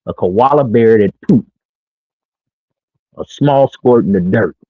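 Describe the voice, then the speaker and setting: Slow and husky, with a fairly low pitch, a middle-aged streamer offers dating talk in a brash, slangy, boastful monologue from his own small studio. The sound is tinny like a phone line, and there is no room sound.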